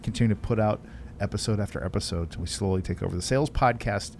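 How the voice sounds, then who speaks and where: A man's voice: fairly low pitch, fast talker, slight background noise. A man co-hosting a podcast in casual chat, playful and teasing, often joking around. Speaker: podcast co-host.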